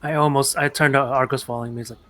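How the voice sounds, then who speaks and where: A man at a tabletop session with a bright, forward voice. He chats casually and drifts into his character's voice at times. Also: mid-range voice, steady tone, rapid-fire. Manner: speaks in character now and then. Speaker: player. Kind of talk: casual tabletop role-play.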